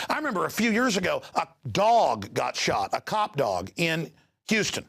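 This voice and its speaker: Agitated ranting man, gravelly and animated. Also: high-pitched, moderate pace. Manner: agitated, ranting, repeats words when excited. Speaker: host. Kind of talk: heated news commentary.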